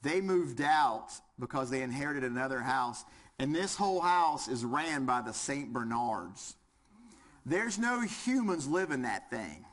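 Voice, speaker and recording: Unhurried yet very animated, the Southern-accented man speaks at medium pitch with a slightly bright tone. He's teaching a fire service class, drawing in the audience with questions and jokes.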